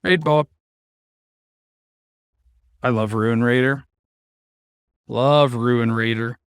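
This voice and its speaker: A man talks over his card game at an unhurried pace, dropping sarcastic, joking asides as he plays. His voice sits at an ordinary middle pitch and sounds close and dry, with no room around it. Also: fairly even intonation, clear, resonant tone, no echo. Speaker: streamer playing a card game. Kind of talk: casual gameplay commentary.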